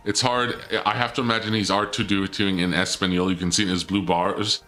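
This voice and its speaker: A man's voice: fairly low pitch, a little fast, sharp tone, soft background music. A male streamer giving live gameplay commentary, teasing and taunting in a playful, theatrical mock-villain way.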